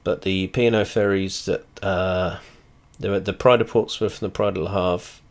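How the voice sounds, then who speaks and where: With a low voice, a steady tone and a normal pace, this video creator narrates his flight simulator gameplay. His commentary is casual and rambling, heavy on profanity, blunt and chatty, with frequent trailing off and restarts.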